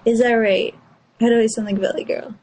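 Softly whispering, teasing woman at bedtime. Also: fairly high pitch, steady tone, quick pace, husky, rough recording. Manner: soft, half-whispered, giggly teasing. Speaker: partner. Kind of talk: playful bedtime chat.

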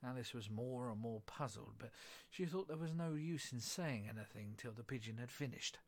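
A man reading a storybook aloud in a calm, measured narration. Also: medium pitch. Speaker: reader.

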